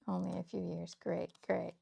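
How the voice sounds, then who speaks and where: On a casual scrapbooking livestream, a woman from Kansas talks as she works, laughing frequently and thinking aloud. Her voice is on the low side, creaky, husky, and warm, with flat delivery at a normal speed.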